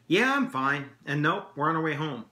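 A quiet, introverted teenage boy speaks in a low-key, understated way, as a man reading aloud gives him voice. The voice sounds bright. An echoey room is audible. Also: very animated, normal speed.

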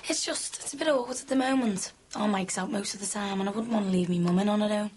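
A woman's voice: medium pitch, fast, a little mellow, natural voice. An actress playing a blunt, protective young woman, chatting casually. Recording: noisy TV drama audio.

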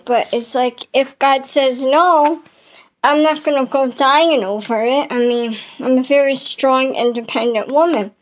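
A woman's voice: sits high, fairly even intonation, measured pace. A middle-aged woman vlogger in a chatty, heartfelt monologue. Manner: chatty, heartfelt, self-encouraging. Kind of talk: casual vlog monologue.

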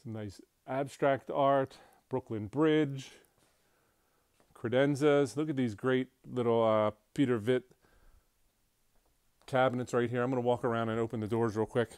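A man's voice: medium pitch, steady tone, measured pace, long pauses, a little mellow, clean tone, no room sound, studio quality. Man giving a chatty showroom walkthrough. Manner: chatty, enthusiastic, many fillers and restarts. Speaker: auction house staff giving a walkthrough. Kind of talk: casual walkthrough narration. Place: indoors in a large auction showroom.

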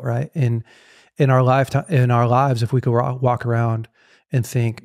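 A man's voice: medium pitch, little pitch movement, a little mellow, no echo, clean studio sound. A man hosting a podcast, chatting casually, restarting phrases and speeding up as he explains. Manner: thinks aloud with restarts and filler likes, quickens when explaining. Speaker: podcast host. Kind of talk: casual conversation.

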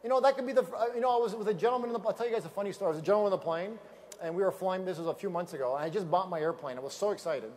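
A man giving an energetic motivational talk on stage with slides, emphatic and repeating key phrases for effect. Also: high-pitched, racing, long reverb tail. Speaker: business opportunity speaker.

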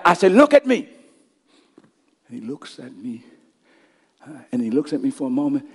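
A male pastor preaching a sermon, telling stories and building up to shouted climaxes. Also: medium pitch, in a large hall.

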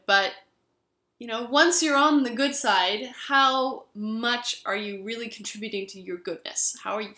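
Woman vlogger, reflective storytelling, bright voice, mid pitch, "you know" fillers, echoey room.

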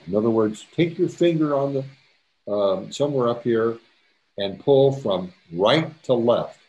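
A man giving a step-by-step photography tutorial, his pitch leaping up and dropping down as he explains. He's chatty and patient, restarting phrases and slipping in jokey asides. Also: a little mellow. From Canada. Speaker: photography instructor. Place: presentation to a camera club.

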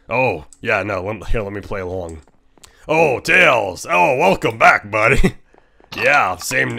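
Gravelly, bright-voiced excitable male streamer. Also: low voice. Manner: excitable, laughs often, teasing. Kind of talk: casual gameplay commentary.

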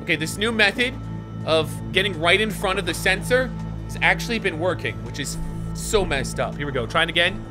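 A man giving casual gaming commentary, excitable, often shouting and swearing in frustration. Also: high voice, fairly quick, music in the background. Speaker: gaming YouTuber.

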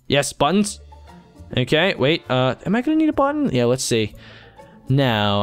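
A man's voice: medium pitch, smooth. A man giving chatty let's-play commentary, talking to himself and his viewers as he plays. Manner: chatty, talks to himself and viewers while playing. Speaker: gaming YouTuber.

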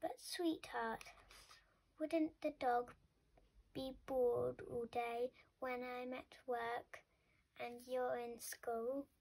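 A woman's voice: sits high, fairly even intonation, extremely slow, vocal fry, husky, exaggerated voice, poor audio. A woman doing a soothing, patient mum. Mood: gently reasoning. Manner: soothing, explaining. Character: kind patient mother, adult woman.

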